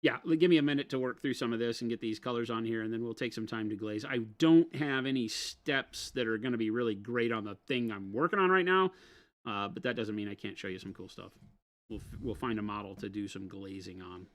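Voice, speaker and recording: A man's voice: mid-range voice, brisk. A man hosting a casual livestream while painting miniatures, explaining patiently and trading dry, teasing banter. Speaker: host painting miniatures on stream.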